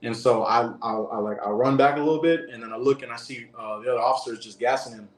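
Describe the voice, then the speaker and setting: A man's voice: mid-range voice, steady tone, fast, echoey room. A man, a former prison guard, telling a story in a loose, rambling way as an interview guest, with many restarts and fillers. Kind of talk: casual first-person storytelling.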